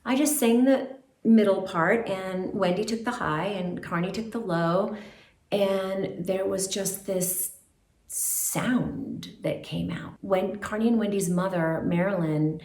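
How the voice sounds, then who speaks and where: A woman's voice: medium pitch, slow pace. Chatty woman telling a story, roomy sound. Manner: animated, acts out quoted voices, chatty fillers. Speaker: singer telling her career story. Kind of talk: casual personal storytelling. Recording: roomy echo.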